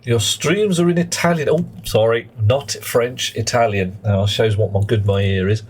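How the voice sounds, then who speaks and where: A man's voice: mid-range voice, moderate pace. A British man chatting playfully with viewers while live-streaming a game and thinking aloud. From Britain. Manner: chatty and playful, greets chat, muses aloud. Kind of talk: live gameplay commentary.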